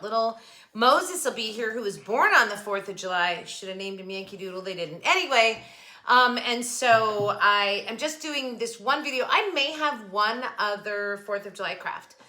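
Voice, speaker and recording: A woman's voice: fairly high pitch, bright, forceful tone. A woman hosting a casual crafting vlog from her home craft table, chatty and rambling. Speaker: craft channel host.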